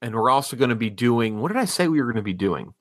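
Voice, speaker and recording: A man's voice: medium pitch, very animated, fairly bright tone, dry recording. A man hosting a casual movie podcast, chatting and wrapping up the episode with plans for next week. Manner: quick, wraps up with show plans. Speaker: podcast host.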